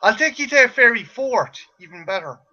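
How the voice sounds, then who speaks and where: A man's voice: very high voice, lively intonation, a little fast, muffled recording, heavy background noise. A man chatting casually on a stream, joking and rambling with stammered restarts. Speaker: co-host. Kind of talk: casual chat.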